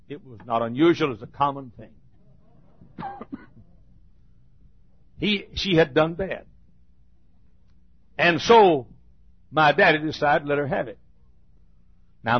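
A man preaching a sermon, telling a homespun story in a rambling folksy way and then rising to loud, shouted preaching. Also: medium pitch, breathy edge. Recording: dull lo-fi sermon recording.

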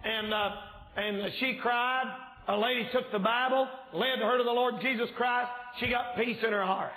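A man preaching a fervent revival sermon in a church, shouting and yelling as he preaches, his voice a little strained. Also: extremely high pitch, fairly even intonation, moderate pace, echoey room, low-quality recording. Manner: yells and shouts when preaching. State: slightly strained voice. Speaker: evangelist preacher. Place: church sanctuary.

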